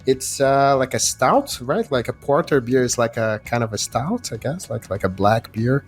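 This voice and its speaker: Male podcast host, friendly and chatty, mid-pitched, casual. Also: animated, normal speed, soft background music.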